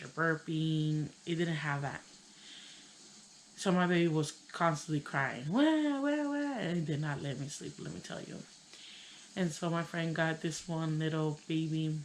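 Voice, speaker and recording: A young woman with a Chicano English accent, telling a personal story in a casual, halting way, full of "like" and "you know". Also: sits low, slight background noise, rough recording. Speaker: vlogger.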